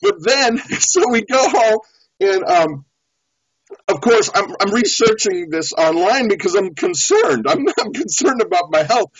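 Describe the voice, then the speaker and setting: A man's voice: sits high, expressive, unhurried. A man guesting on a show, telling a story in a casual, laughing way. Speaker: beekeeper guest. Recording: dull lo-fi audio.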